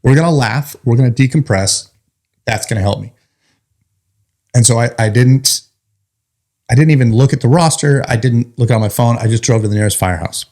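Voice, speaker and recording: A man with a middle-pitched voice tells his own story in a loose, joking podcast chat. He acts out what others said as he goes, with a firefighter's plain way of talking. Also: a little fast, long pauses. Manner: animated, joking, acts out quotes. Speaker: firefighter guest. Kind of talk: casual storytelling.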